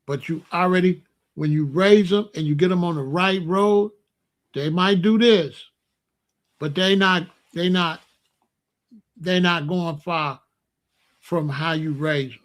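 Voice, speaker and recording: A middle-aged man tells stories in a casual, folksy way. He hosts an online show and often breaks into loud exclamations. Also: high-pitched, slow, long pauses. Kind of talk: casual storytelling monologue.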